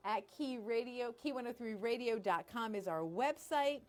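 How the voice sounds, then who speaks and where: A woman's voice: fairly high pitch, moderate pace. A middle-aged woman radio host chatting casually on a live stream from her studio, bubbly and self-deprecating.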